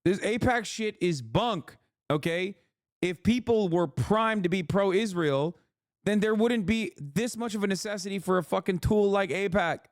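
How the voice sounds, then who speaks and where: A man's voice: sits high, measured pace, no room sound, studio quality. A political streamer, a man, delivering heated, profane live-stream commentary.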